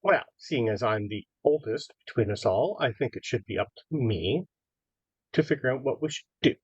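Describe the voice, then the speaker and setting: A man's voice: medium pitch, animated, moderate pace, husky, no echo, highs cut off. A man voicing a smug, greedy teenage girl student who talks down to the younger ones in a tabletop game. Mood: smug, scheming. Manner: condescending, boastful.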